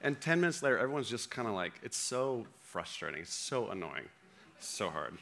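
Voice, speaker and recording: A man's voice: fairly low pitch, very animated, moderate pace, gravelly, a bit bright, a little hiss or hum, full character voice. A man acting out a gossipy, judgmental male churchgoer who rambles catty remarks with laughing asides.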